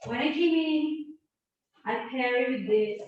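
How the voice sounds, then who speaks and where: A woman's voice: high voice, measured pace, dull audio. A woman student asks her instructor brief questions during class. Her voice sits mid-range and carries a heavy echo from a little distance away. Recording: very echoey room, from far off.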